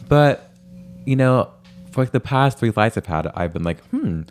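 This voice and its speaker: A man's voice: medium pitch, expressive, normal speed, slight background noise. A man chatting casually as a podcast guest, telling a rambling, playful story full of fillers. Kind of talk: casual chat.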